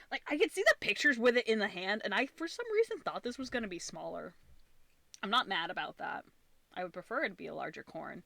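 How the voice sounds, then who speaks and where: A woman streaming from an upstairs room at home, chatting casually while she crochets and laughing often, her voice slightly husky from talking. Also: on the low side, expressive, a little fast, bright, forceful tone.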